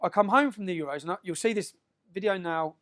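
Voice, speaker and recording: High-voiced emphatic man giving a speech. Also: quick pace, a bit bright. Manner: emphatic, keeps asking "yeah?" to the crowd. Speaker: public speaker. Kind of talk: speech to an audience.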